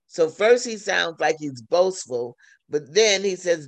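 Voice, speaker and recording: Man, preacher, gravelly voice, slightly high pitch, slow deliberate sermon. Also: lively intonation, dry recording. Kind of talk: sermon over a phone line.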